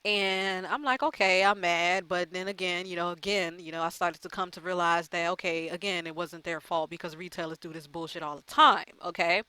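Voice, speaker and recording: A woman's voice: on the low side, fairly even intonation, moderate pace, few pauses, pushed and bright, smooth, no room sound. A woman gaming YouTuber chatting casually to her viewers, rambling and profane with lots of fillers. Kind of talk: casual chat to camera.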